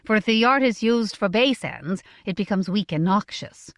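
A woman's voice: mid-range voice, lively intonation, dry recording, clean studio sound, natural voice. Woman reading as a stern merchant father. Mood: earnest. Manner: measured, earnest, deliberate. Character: stern middle-aged merchant father, measured. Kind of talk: audiobook character voice.

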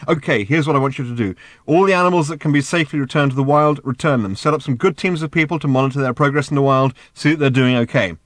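A man voicing a brash, breezy alien who gives orders in a brisk, bossy, loud way. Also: medium pitch, no room sound, clean studio sound, pitched above the performer's own voice, natural voice.

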